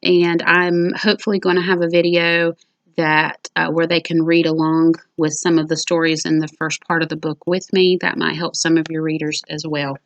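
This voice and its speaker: Calm, reassuring woman teacher. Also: deep voice, normal speed. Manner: acts out reading aloud with rising expression. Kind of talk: instructional talk to parents.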